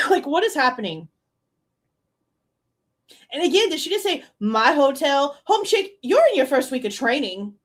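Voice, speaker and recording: High-voiced, exasperated woman stream host. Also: sing-song, normal speed, pauses often. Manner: exasperated, sarcastic, swearing; laughs often. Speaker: true crime stream host. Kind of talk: live reaction commentary.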